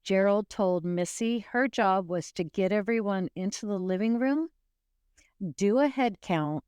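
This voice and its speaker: A woman's voice: mid-range voice, unhurried, darkish tone, clean tone, dry recording, clean studio sound. A woman hosting a true crime podcast, retelling a case in casual, rambling storytelling with wry asides and frequent restarts.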